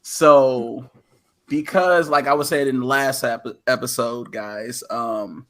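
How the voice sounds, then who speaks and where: A man's voice: mid-range voice, slow. A man co-hosting a podcast, chatting casually and acting out the people in his story. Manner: animated storyteller, acts out quoted voices. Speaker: podcast co-host. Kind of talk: casual chat.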